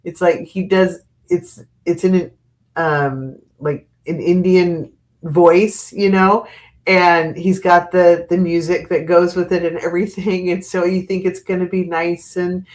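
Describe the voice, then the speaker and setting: Slow, chatty woman reading tarot. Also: lowish voice, fairly even intonation, darkish tone. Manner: chatty, laughs often, swears casually. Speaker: tarot reader hosting a live stream. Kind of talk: casual live-stream tarot reading.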